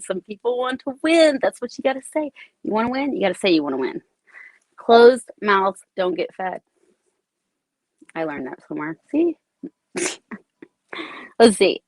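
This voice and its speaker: A woman hosting a casual livestream, bubbly and excited, greeting viewers by name as they arrive. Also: fairly high pitch, moderate pace, long pauses, dry recording. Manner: bubbly, shouts out commenters by name. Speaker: livestream host. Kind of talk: casual live chat with viewers.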